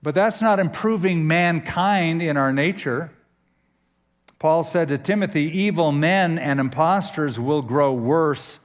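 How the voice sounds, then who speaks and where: A man preaching a sermon as pastor, emphatic, with dramatic pauses and sudden swings in pitch. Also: long reverb tail.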